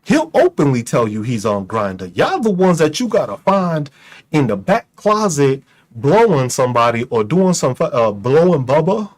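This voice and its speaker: Ranting to an online audience, a male streamer and commentator mocks freely with profanity, asks rhetorical questions, and laughs at his own jokes. His mid-range voice has a sing-song, darkish quality at normal speed.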